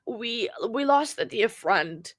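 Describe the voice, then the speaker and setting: A sad woman close to tears, hosting a casual true crime live stream in a subdued, monotone way. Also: on the high side, slow, no echo. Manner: subdued, self-described monotone delivery. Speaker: true crime livestream host.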